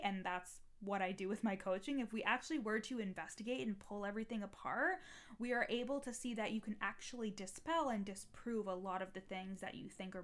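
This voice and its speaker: A woman's voice: mid-range voice, fairly bright tone. A young adult woman hosting a solo podcast as a coach, talking casually with lots of "like" and the odd swear word. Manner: chatty, heavy use of "like", occasional swearing. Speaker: podcast host and mindset coach.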